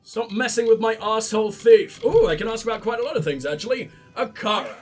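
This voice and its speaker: A man hosting a let's play and commenting on the game in a sarcastic, sweary, excitable way. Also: sits high, brisk, faint music behind. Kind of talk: gameplay commentary.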